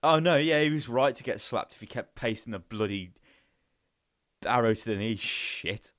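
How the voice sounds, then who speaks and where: A man's voice: mid-range voice, animated, normal speed, fairly bright tone, no echo, clean studio sound. A young man with a headset, hosting a live Q&A in a rambling, profane, casual way. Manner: rambling and profane, with lots of fillers. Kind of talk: casual chat.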